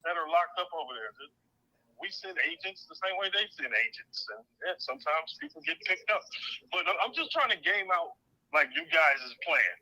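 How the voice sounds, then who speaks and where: A man's voice: a little high, expressive, normal speed, bright, forceful tone, poor audio. A man on a talk panel, arguing his point in a wry, sarcastic way. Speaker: panel guest. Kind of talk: casual debate.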